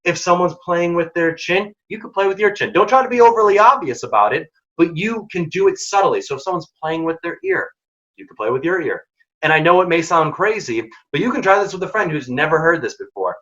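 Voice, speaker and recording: A man's voice: high-pitched, animated, fairly quick, fairly bright tone, lo-fi sound. A man giving direct, emphatic career advice in a workshop talk. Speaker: workshop speaker.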